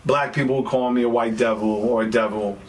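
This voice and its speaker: A man, a guest telling stories in a relaxed, reflective chat. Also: mid-range voice, brisk. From New York. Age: 50s. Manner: storytelling, reflective, frequent restarts. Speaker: guest rapper. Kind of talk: casual chat. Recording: distant mic with faint background noise.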